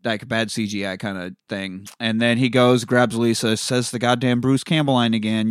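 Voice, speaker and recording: A man's voice: mid-range voice, moderate pace, few pauses, clear, resonant tone, dry recording, studio quality. A man co-hosting a podcast, recapping a movie in casual, profane chat and acting out the characters' lines. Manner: profane, animated retelling with quoted voices. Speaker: podcast co-host.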